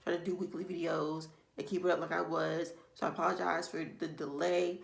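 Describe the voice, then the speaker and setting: A woman's voice: deep voice, level tone, fairly quick, creaky. A woman beauty vlogger giving casual makeup tips to the camera, chatty and meandering, often circling back with "like I said". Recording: echoey room.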